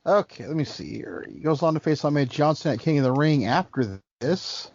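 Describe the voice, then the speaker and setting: A somewhat high-voiced man chats about wrestling history on a podcast with a lively, bouncing delivery. He sounds wry and corrects himself as he goes. The sound is dry and slightly muffled. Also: normal speed, creaky, dry recording. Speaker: podcast co-host. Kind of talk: casual wrestling chat.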